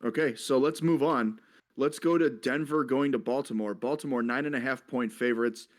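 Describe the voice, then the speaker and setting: A man hosting a podcast in a casual sports betting chat, brisk and keeping the talk moving. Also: mid-range voice. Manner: brisk, moves the discussion along. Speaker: host.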